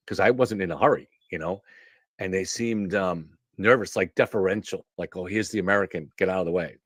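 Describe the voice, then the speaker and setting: A man with a lowish voice rambles through a story on a live stream, restarting sentences and drifting into asides. The sound is close and dry, with no room echo. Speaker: show host. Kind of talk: casual monologue on a live stream.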